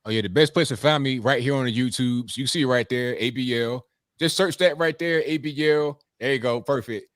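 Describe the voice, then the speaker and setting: A man speaks as a guest on a casual online panel, upbeat and clear, spelling things out step by step. His voice is of ordinary pitch and recorded dry and close. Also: fairly quick, no room sound.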